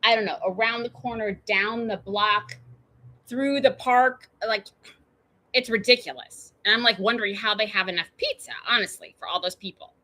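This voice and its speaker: A woman hosting her own show tells a long personal story, chatting her way through tangents, asides and fillers. Her voice is bright and forceful, with a punchy edge that carries even when she trails off. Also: medium pitch, normal speed. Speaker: show host.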